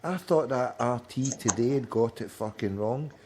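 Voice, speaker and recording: A man's voice: medium pitch, moderate pace, dark tone, slight background noise. A man, hosting a late-night phone-in, rambling in sweary chat and calling his friend "mate" often. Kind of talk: casual banter over a call.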